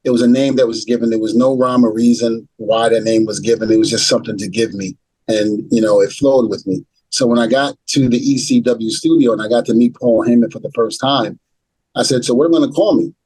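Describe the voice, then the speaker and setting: Man, middle-aged, husky voice, dry close sound, lively storyteller acting out quotes. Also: mid-range voice, a little fast, no echo, low-quality recording. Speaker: retired pro wrestler, guest. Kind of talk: storytelling interview answer.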